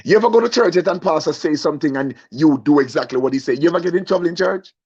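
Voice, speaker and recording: On a muffled, lo-fi recording, a young man does stand-up, telling a story with acted-out voices and frequent questions to the crowd. He talks fast, his voice high-ish with a breathy edge.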